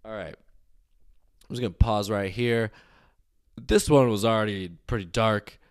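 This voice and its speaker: A man hosting a storytelling show, narrating a dark tale casually with wry, digressive asides. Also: on the low side, fairly even intonation, unhurried, clean tone, dry recording, clean studio sound. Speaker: storyteller host.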